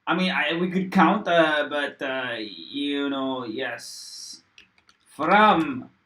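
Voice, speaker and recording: Young man, livestream coder, rambling, swears a lot, slightly high voice, echoey room. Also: lively intonation, very slow, fairly bright tone. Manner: casual, rambling, swears often, talks to chat. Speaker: livestreaming programmer. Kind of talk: thinking aloud while coding on a livestream. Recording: roomy echo.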